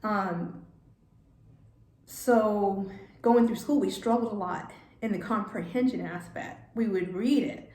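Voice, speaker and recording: A woman telling a personal story for her vlog, halting and hesitant, often restarting her sentences. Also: mid-range voice, a little mellow. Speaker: vlogger. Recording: echoey room, faint background noise.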